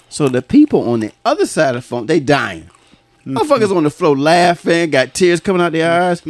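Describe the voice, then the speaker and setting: A man's voice: a little high, big pitch swings, brisk, dry recording. A man telling funny work stories in a profane, laughing, casual chat, often mimicking people.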